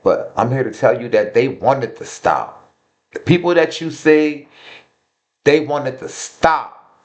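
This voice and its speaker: A man speaking frankly and earnestly to his viewers in a casual vlog, repeating himself for emphasis and using slang. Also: mid-range voice. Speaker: vlogger. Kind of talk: heartfelt casual talk to viewers.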